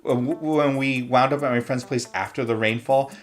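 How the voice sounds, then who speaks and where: A man's voice: medium pitch, fairly even intonation, normal speed. A young adult man, a streamer, telling rambling stories in casual chat while playing a game, with many "like" fillers. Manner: rambling storyteller, heavy use of "like".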